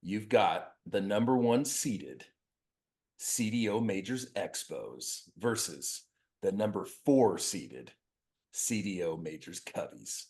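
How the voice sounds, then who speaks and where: A man's voice: fairly low pitch, takes it slowly. A man co-hosting a baseball podcast, a youth coach telling a story in casual chat and acting out the dialogue. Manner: animated storyteller, acts out dialogue.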